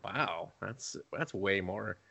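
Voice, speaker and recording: A young man co-hosting a casual podcast, swearing freely and acting out quotes in a higher voice. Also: takes it slowly, vocal fry, pushed and bright, breathy edge. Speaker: podcast co-host. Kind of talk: casual chat.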